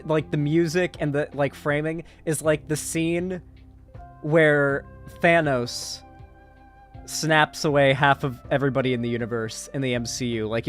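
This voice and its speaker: A man giving casual, sarcastic commentary, profane and full of fillers and restarts. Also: fairly high pitch. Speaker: online commentator. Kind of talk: casual political commentary, recapping a movie.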